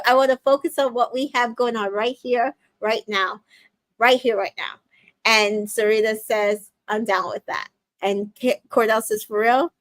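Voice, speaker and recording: A woman's voice: fairly high pitch, steady tone, unhurried, no echo. A young adult woman casually recapping a reality show, retelling scenes with quoted lines, many fillers and small laughs. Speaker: recap host.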